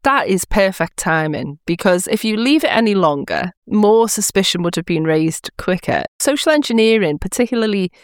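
A woman's voice: medium pitch, animated, moderate pace, hardly any pauses, clear, resonant tone, no echo, studio quality. A British woman, a social engineer guesting on a podcast, talking in a chatty, emphatic way. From Britain. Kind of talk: casual chat.

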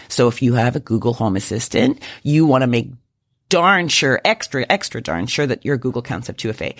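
Gravelly, lively tech podcast co-host. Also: male voice, mid-range voice, no echo, clean studio sound. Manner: animated, explains with lots of "right?" tags. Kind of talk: casual tech podcast chat.

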